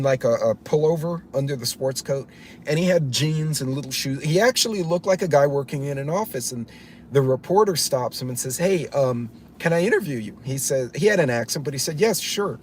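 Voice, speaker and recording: A man's voice: mid-range voice, a little mellow, slight background noise. A man hosting a live stream, rambling bluntly in casual commentary, swearing offhand and greeting viewers by name as he goes. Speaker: livestream host reading chat.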